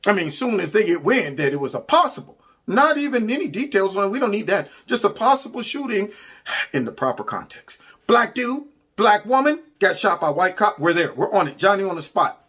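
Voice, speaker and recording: A man hosting his own show, giving casual, mocking commentary on memes with frequent laughs and sudden high exclamations. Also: sing-song, fairly quick, a bit bright, husky. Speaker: host of a commentary channel.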